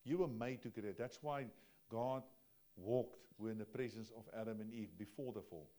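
A man preaching a sermon in a conversational way, dropping to quiet asides and rising to loud, emphatic lines. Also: fairly low pitch, normal speed. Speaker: pastor.

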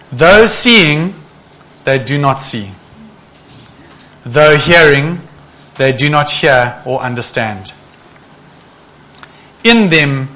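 A man preaching with a bright, forceful voice that sits somewhat high. He is animated and keeps asking the congregation rhetorical questions. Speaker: pastor. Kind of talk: sermon.

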